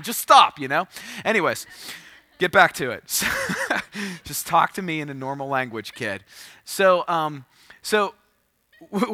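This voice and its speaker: A man's voice: fairly high pitch, dry recording. A man in his thirties, a pastor telling a funny, self-deprecating story in a sermon. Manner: humorous, self-deprecating, bursts into loud acted quotes.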